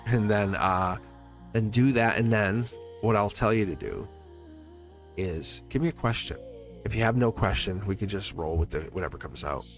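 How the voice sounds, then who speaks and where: A man's voice: fairly low pitch, normal speed, faint music behind. A man reading tarot on a livestream, talking to his viewers in a loose, rambling way with frequent chuckles. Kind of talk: casual livestream chat.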